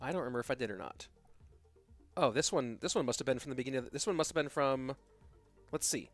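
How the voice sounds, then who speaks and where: A man casting a live esports match, with excitable play-by-play and rambling asides. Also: medium pitch, quick pace, faint music behind. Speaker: esports caster. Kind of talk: live game commentary.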